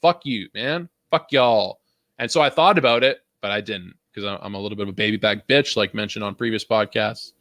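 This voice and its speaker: Talking fast with hardly any pauses, this young co-host from Vancouver, Canada, rants animatedly on a casual podcast, cursing and laughing as he goes. His voice is on the low side, and there's no echo.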